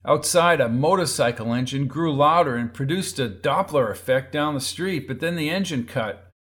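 A man with a somewhat high voice narrates a crime story at a steady, measured pace. For the characters' lines he changes his pitch and loudness, so each one sounds a little different. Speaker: audiobook narrator.

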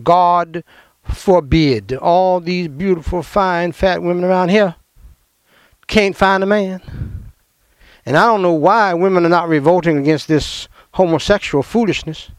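A man preaching a fiery sermon as pastor, emphatic and confrontational, with sudden loud outbursts. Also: high-pitched, unhurried, clear, resonant tone, no room sound, clean studio sound.

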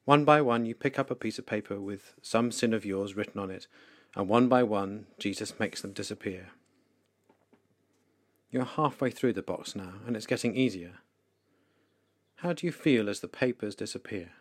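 A man leading a guided meditation for listeners, speaking slowly, calmly and softly with pauses. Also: fairly low pitch, dry recording, clean studio sound. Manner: slow, calm, soft-spoken with pauses. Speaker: devotional leader.

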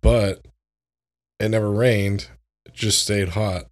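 A man's voice: lowish voice, fairly even intonation, slow. A young man co-hosting a podcast, talking in an easygoing, slangy way while tired and yawning. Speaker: podcast co-host. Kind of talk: casual chat.

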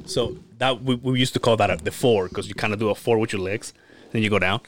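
A man co-hosting a podcast, telling stories in an animated, profane way and laughing often. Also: lowish voice, fast talker, a little hiss or hum. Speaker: podcast co-host. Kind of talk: casual storytelling chat.

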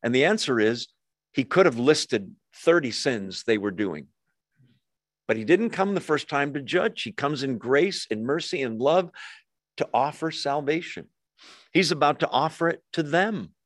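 A man gives a sermon at an ordinary mid pitch, walking through scripture in a loose, conversational way. He asks the room questions and answers them himself. The sound is dry and close, with little room around it. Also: no echo. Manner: conversational Bible teaching with rhetorical questions and asides. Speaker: pastor.

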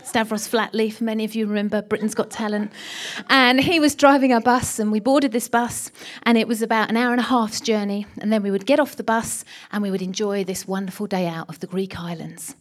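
A middle-aged woman preaching a sermon and telling a story with animated delivery, often dropping to a hushed whisper for emphasis. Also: medium pitch, a little fast.

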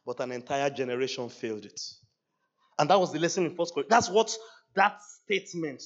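A man preaching a sermon at a church service, animated, laughing often and acting out dialogue with God. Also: fairly high pitch, fairly quick, highs cut off. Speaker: pastor.

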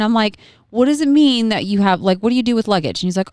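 A woman's voice: medium pitch, quick pace, no echo, clean studio sound. A woman in her thirties, a podcast co-host telling stories in casual chat and acting out her kids' voices. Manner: animated storyteller, acts out her kids' voices.

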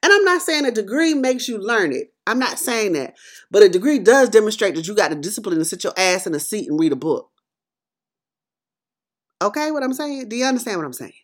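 A woman's voice: medium pitch, sing-song, brisk. Impassioned woman podcast host. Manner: emphatic, preacherly, swings between loud and quiet. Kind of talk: impassioned commentary monologue.

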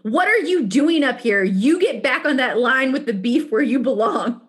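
A woman voicing a brusque, bossy male fast-food manager who barks orders at a worker. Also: very high-pitched, lively intonation, fairly bright tone. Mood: angry. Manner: scolding, barking orders.

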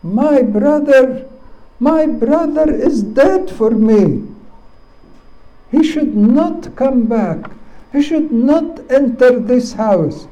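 A preacher voicing an indignant elder son. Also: male voice, extremely high pitch, animated, very slow, voice pushed up, heavily acted, rough recording. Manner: indignant, protesting loudly. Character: resentful elder son, adult man, bitter.

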